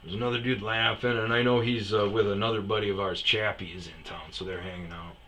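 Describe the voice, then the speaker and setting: Man, host type, tired, rambling casual storyteller with a bright, forceful voice, faint background hum. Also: fairly low pitch, fairly even intonation, fast, rough recording. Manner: rambling and chuckling, acts out his friends' lines.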